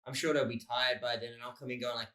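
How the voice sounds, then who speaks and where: A man's voice: mid-range voice, steady tone, fast talker, sharp tone. An Australian man co-hosting a casual podcast, a rambling storyteller who swears freely and acts out what people said. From Melbourne, Australia. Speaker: podcast co-host, comedian.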